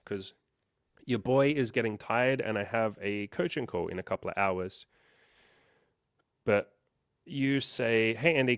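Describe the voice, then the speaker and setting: Low-voiced man, chatty coach on stream. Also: fairly bright tone, no echo, studio quality. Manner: conversational, filler-heavy, acts out quick quoted reactions. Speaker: life coach hosting a livestream. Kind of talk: casual livestream chat answering viewer comments.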